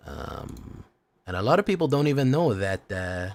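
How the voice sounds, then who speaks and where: A man's voice: on the low side, sing-song, normal speed. Chatty, profane game streamer guy. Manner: chatty, rambling, swears casually, thanks viewers. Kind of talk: casual live-stream chat.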